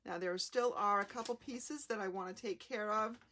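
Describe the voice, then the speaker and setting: A woman hosting a live card-making demonstration, explaining each step in a chatty, unhurried way. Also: medium pitch, bright, forceful tone, a little hiss or hum. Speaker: craft demonstrator.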